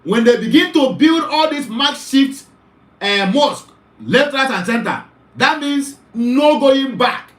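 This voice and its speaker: Urgent high-voiced Nigerian man. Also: expressive, measured pace, a bit bright, reverberant. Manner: pleading, urgent, repetitive. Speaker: online talk show host. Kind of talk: impassioned commentary monologue.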